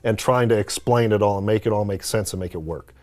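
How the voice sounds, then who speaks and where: A man's voice: on the low side, quick pace, darkish tone. A man hosting a stream, chatting casually and thoughtfully about a video game, rambling with many fillers. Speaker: streamer host.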